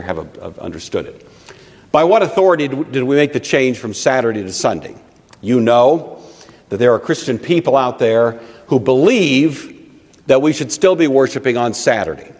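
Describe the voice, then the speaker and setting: Man preaching in a church, voice goes way up and down, chatty asides, big echoey hall. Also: mid-range voice. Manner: animated, conversational teaching with asides. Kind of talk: sermon teaching. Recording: long reverb of a large hall.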